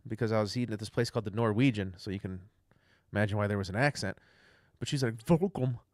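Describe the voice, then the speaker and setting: A man's voice: fairly low pitch, fast, no room sound, clean studio sound. A young man rambling casually through a livestream rant, loose, chatty and profane. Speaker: livestream host.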